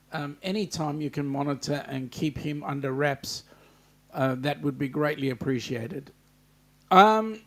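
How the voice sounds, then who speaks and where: A man with an Australian accent hosting a casual livestream, reading out and answering viewer comments. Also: on the high side. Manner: reads viewer comments aloud, greets chatters by name. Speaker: livestream host.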